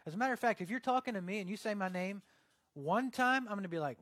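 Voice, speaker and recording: A man's voice: sits high, animated, very fast, fairly bright tone, no echo. A young man preaching a casual, joking sermon, acting out little scenes as he goes. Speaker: pastor.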